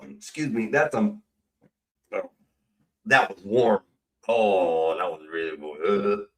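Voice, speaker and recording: A man's voice: on the low side, slow pace, low-quality recording. Rambling, cursing man. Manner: profane, rambling, drinking while talking. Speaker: stream host. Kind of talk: casual rambling livestream chat.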